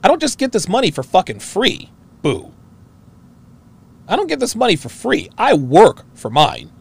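A man's voice: high voice, huge pitch swings, normal speed, vocal fry, slightly rough. A man hosting a reaction show, ranting in a profane, emphatic way and repeating his phrases. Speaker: host. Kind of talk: reaction commentary rant.

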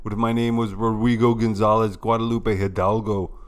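A man doing an impression of a loud, ranting elderly male politician who fires off indignant rhetorical questions. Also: on the low side, level tone, normal speed, natural voice.

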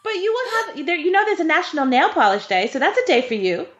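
A woman co-hosts a podcast, chatting casually and laughing often. Her voice is very high, sing-song and fast, and the recording has a dull lo-fi sound.

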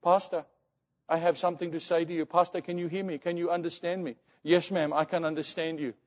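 A man voicing an elderly grieving mother who praises God loudly and repeats her questions insistently. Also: a little high, little pitch movement, fairly quick, big-room sound, dull audio, voice pushed up, lightly acted. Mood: pleading.

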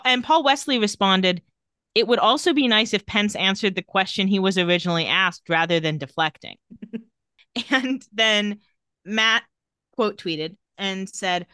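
Woman podcast co-host, casual wry recap; bright, smooth voice, dry close sound. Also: medium pitch, unhurried, no echo. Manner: recounting tweets with wry commentary.

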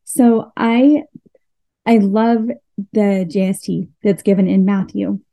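A woman's voice: mid-range voice, fairly even intonation, takes it slowly, vocal fry, mellow, no room sound, low-quality recording. A woman hosting a podcast, talking through scripture in a casual, earnest way and thinking aloud with fillers and restarts. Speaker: podcast host. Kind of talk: casual scripture study talk.

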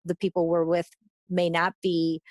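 A woman's voice: fairly low pitch, completely flat delivery, normal speed, a little mellow, dry recording. A woman therapist talking through advice in a thoughtful, hesitant way, with many fillers and restarts. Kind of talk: casual conversational advice.

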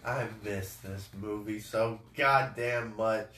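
A man's voice: fairly low pitch, fairly even intonation, slow pace, sharp tone. Man commenting from far off in a roomy space. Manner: nostalgic, joking movie commentary. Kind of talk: casual comedic watch-along chat. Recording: roomy, distant from mic.

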